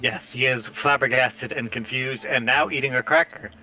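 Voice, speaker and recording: A man with a bright, forward voice narrates a tabletop game as its game master. He describes the scene wryly, with casual filler words, and sounds amused. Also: mid-range voice, fairly even intonation, moderate pace, slight background noise.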